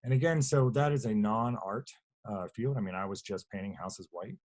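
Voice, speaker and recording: A man's voice: lowish voice, moderate pace, a little mellow. A man, a guest artist on a webinar video call, answering questions in a rambling, plainspoken way and often correcting himself mid-sentence. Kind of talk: webinar talk.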